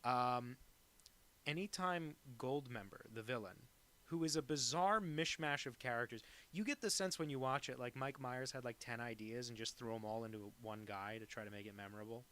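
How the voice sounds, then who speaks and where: A man's voice: medium pitch, normal speed, bright, forceful tone. A man cartoonist chatting casually while he draws live, rambling and joking with plenty of swearing. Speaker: cartoonist streaming live drawing. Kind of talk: casual chat.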